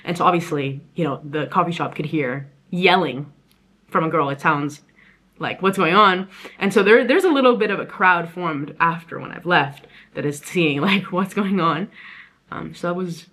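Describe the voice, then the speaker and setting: A young woman travel vlogger telling a story in a casual, animated, rambling way, often restarting her sentences. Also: on the low side, moderate pace. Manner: animated, rambling, frequent self-corrections.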